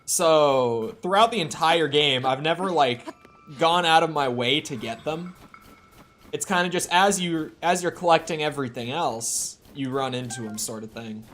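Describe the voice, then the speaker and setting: A man's voice: on the high side, moderate pace, a bit bright, slight background noise. A young man streaming a video game, talking to himself in a casual, rambling way with frequent restarts. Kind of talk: casual gameplay commentary.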